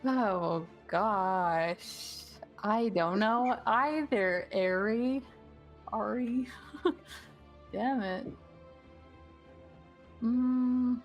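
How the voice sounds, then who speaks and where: Slow-talking woman playing a tabletop game. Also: a little high, faint music behind. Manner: unhurried, laughing easily. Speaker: player. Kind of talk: casual tabletop play.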